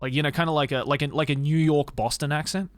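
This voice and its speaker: A man's voice: on the high side, steady tone, fast talker, no room sound, soft background music. An Australian man streaming and chatting casually, rambling with lots of fillers and restarts. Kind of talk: casual livestream chat.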